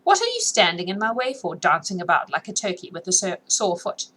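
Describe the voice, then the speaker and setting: Woman reading lively young lady of rank, lilting, a bit mocking, bright ringing tone, storybook. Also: lowish voice, a little fast, slight background noise, poor audio. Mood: merry, impatient. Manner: lilting, mock-dramatic. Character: young noblewoman, merry, impatient, lightly foreign.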